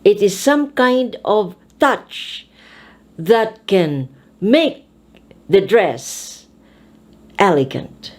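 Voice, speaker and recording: A woman teaching English pronunciation, speaking with deliberate, emphatic enunciation. She talks at a very slow pace. Her pitch swings widely up and down as she stresses each word. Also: big pitch swings, darkish tone. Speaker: speech teacher and host.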